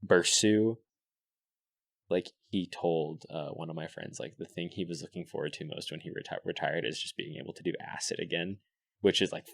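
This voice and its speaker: A young man chatting as a podcast guest, telling animated, swear-laden stories full of "like" and "dude". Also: low-pitched, normal speed, gravelly, no room sound. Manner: animated storyteller, swears freely, fillers like "like" and "dude". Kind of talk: casual podcast chat.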